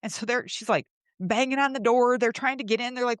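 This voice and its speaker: A woman's voice: brisk, clear, resonant tone, no room sound, clean studio sound. Woman telling a raw personal story. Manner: emotional, swearing, reenacts her own pleas in a higher voice. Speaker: host.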